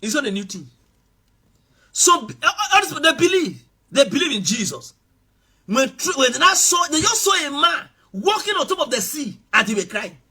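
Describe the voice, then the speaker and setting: A man preaching a sermon, swinging between loud shouted passages and quiet asides. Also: very high-pitched, sing-song, moderate pace. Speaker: pastor.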